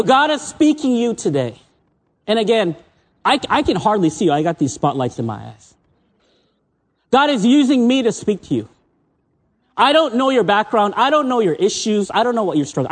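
A man's voice: sits high, darkish tone. An American man in his fifties preaching a sermon from a stage, telling stories in a conversational way and often repeating words. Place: stage under spotlights.

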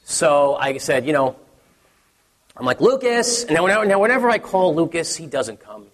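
A man in his thirties gives a sermon in a relaxed storytelling manner, often restarting his sentences. His voice is a bit higher than most men's and husky. The sound carries a long reverb from a large hall. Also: moderate pace. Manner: conversational storytelling with many restarts, acts out his son's excited voice. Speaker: pastor.

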